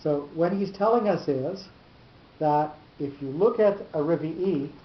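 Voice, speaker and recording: A teacher works through cantillation notes in a halting, repetitive way, restarting phrases as he explains. The recording is roomy and dull, with a faint rumble behind the voice. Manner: halting, repeats words while explaining. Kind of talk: lecture on cantillation.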